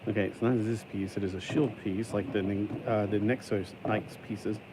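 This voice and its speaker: A man's voice: lowish voice, steady tone, normal speed, noisy background. A man casually narrating his LEGO build, rambling and joking to himself, slipping into a put-on accent. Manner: rambling, talks to himself, sings and jokes while building; puts on a stuck-in accent today. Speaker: YouTuber building a LEGO set.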